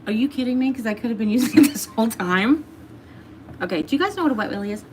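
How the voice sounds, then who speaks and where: A woman's voice: fairly high pitch, animated, quick pace, slight background noise. A woman hosting a casual livestream from home, reading out viewer comments and laughing often as she chats. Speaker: livestream host.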